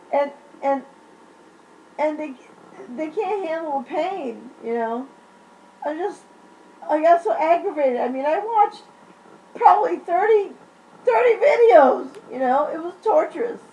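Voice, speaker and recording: High-voiced woman on an exasperated, profane rant. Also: darkish tone, muffled recording. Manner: blunt, profane, exasperated ranting. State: unwell during an illness flare-up. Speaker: vlogger. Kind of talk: ranting vlog.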